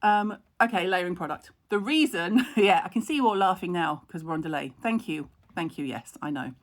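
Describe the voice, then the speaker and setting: A woman's voice: fairly low pitch, animated, fairly quick. A middle-aged woman hosting a live stream, chatting frankly, laughing at herself and answering viewer comments. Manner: chatty, frank and self-mocking, laughs a lot. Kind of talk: casual live-stream chat.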